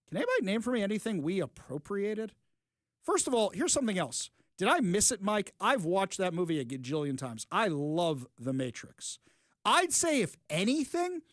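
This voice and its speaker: Male radio host, sarcastic and opinionated; high, very lively delivery, dry studio sound. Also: no room sound. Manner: sarcastic, animated, quick asides and restarts. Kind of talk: opinionated political talk radio.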